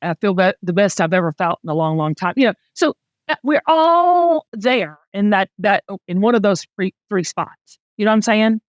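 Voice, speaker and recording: A middle-aged woman with a Southern US accent, hosting a podcast in a chatty, animated storytelling way. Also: medium pitch, moderate pace, dry recording, highs cut off. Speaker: podcast host. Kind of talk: casual chat.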